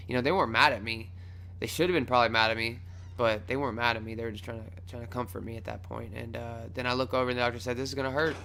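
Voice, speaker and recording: A young man casually telling a wild personal story on his vlog, swearing freely, rambling, and acting out his own shouts. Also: mid-range voice, creaky, a little hiss or hum. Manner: loose and profane, acts out his own shouts.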